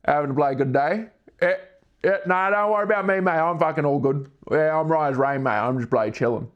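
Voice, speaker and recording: A man's voice: fairly high pitch, a little fast, muffled recording, lightly acted. A man putting on a chatty unborn baby boy who talks like a laid-back broad Australian bloke, chummy and slangy. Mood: breezy.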